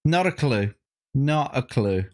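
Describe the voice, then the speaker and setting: A man's voice: mid-range voice, animated, slow pace, a little mellow. A man co-hosting a casual chat, reacting to clips with frequent laughter and swearing. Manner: laughs often, swears, reads chat aloud. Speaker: co-host.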